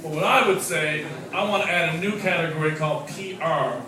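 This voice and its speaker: A man doing a stand-up set, swinging from loud, profane outbursts to muttered asides. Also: on the high side, fairly quick. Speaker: stand-up comedian, English teacher. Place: comedy club stage before a laughing audience. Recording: echoey club, mic from far off, crowd noise. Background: laughing audience.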